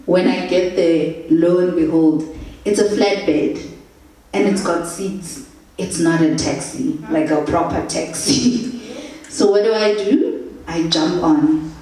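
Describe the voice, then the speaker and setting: A woman's voice: fairly low pitch, takes it slowly. Young woman telling a story. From South Africa. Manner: animated, laughs through anecdotes, acts out quotes. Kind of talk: casual travel storytelling. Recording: echoey room, distant mic.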